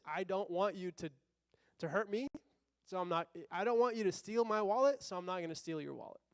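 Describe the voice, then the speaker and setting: A man's voice: high voice, creaky, no room sound, clean studio sound. A young adult man preaching a sermon in a conversational way, asking rhetorical questions and acting out quotes. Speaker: pastor.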